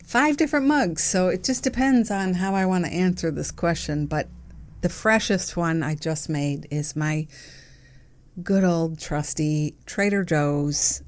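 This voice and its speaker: A middle-aged woman hosting her own podcast from a home desk, chatting in a playful, giggly and affectionate way. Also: a little slow. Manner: playful, giggly and affectionate, with bursts of excited high notes. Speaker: podcast host. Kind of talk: casual solo podcast chat.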